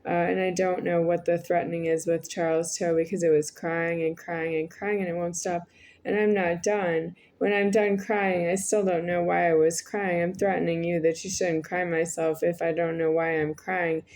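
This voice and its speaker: A woman's voice: fairly low pitch, level tone, normal speed, darkish tone. A woman in her forties speaking in a rambling, repetitive monologue to the camera, with frequent hesitations. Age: 40s. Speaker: vlogger.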